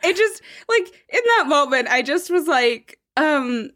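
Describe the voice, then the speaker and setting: High-voiced woman, profane storyteller. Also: measured pace, few pauses. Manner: profane, laughing, lively storyteller. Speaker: podcast co-host. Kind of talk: casual chat, storytelling.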